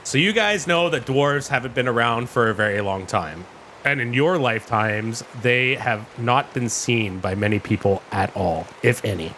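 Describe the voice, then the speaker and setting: A man narrating a tabletop game as game master, describing the scene with dramatic pauses. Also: mid-range voice, animated, pushed and bright, a little hiss or hum.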